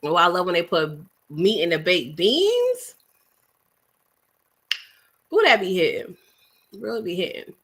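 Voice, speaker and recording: Bright-voiced New woman chatting live. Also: on the low side, unhurried, pauses often, husky. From New York City. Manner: chatty and animated, with frequent laughs and asides to the audience; snacking while talking. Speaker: livestream host reading viewer chat. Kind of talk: casual live-stream chat.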